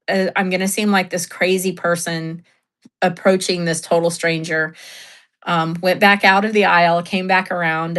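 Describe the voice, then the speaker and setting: A woman's voice: on the low side, a bit bright. A woman hosting a casual livestream, telling a story in a chatty way, laughing often and reading chat aloud. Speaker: livestream host.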